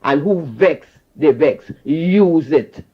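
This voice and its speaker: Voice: mid-range voice, lively intonation, slow. A caller with a Trinidadian accent, scolding fervently and repeating phrases on a call-in show. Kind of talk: impassioned call-in rant. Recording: dull lo-fi call-in line.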